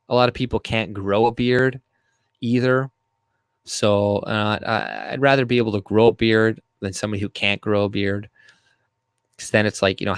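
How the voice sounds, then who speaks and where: A man's voice: fairly low pitch, smooth, no echo. A man hosting a livestream, reading chat aloud and ranting in a crude, rambling, profane way.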